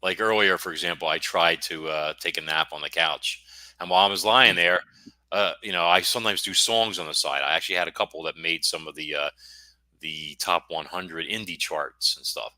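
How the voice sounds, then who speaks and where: A man's voice: deep voice, fairly even intonation, a little fast, bright, forceful tone, no room sound. A middle-aged American man, a guest author, talking in a rambling, jokey and self-deprecating way on a casual podcast. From United States.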